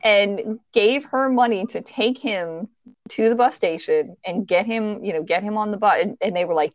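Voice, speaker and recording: An animated woman in a casual podcast chat, telling a story with swearing and shouted quoted lines. The sound is dry, with no room around it, and a little dull and lo-fi. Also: mid-range voice, moderate pace, no echo.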